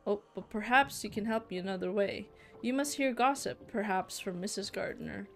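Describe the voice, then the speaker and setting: A woman's voice: mid-range voice, moderate pace, faint music behind, lightly acted. A woman doing a boastful sea patrol man, self-satisfied, threatening, story game. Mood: smug. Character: smug menacing English man patrolling the sea.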